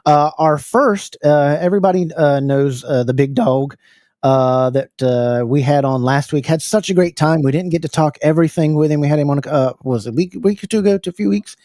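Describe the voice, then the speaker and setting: Energetic American podcast host, dry sound. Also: male voice, on the high side, brisk, no echo. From United States. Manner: energetic, lots of "uh" fillers, repeats himself. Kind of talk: casual live podcast chat.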